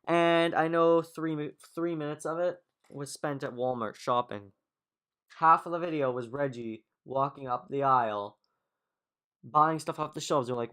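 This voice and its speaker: A man's voice: a little high, moderate pace, a bit bright, clear, resonant tone. A man hosting a podcast, reviewing in a loose, rambling way full of fillers and offhand jokes. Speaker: podcast host. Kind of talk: casual review monologue.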